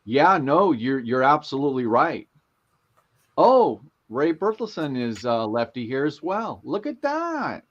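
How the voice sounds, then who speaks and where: A man's voice: mid-range voice, animated, unhurried, a bit bright. A middle-aged man hosting a livestream, reading viewer comments and telling casual stories in a chatty way. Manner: chatty anecdotal storyteller. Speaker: livestream host. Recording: lo-fi livestream audio.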